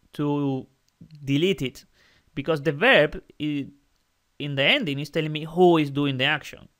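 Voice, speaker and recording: A man teaching Spanish in an online lesson, reading a short text slowly and patiently explaining the grammar. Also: a little high, a bit bright.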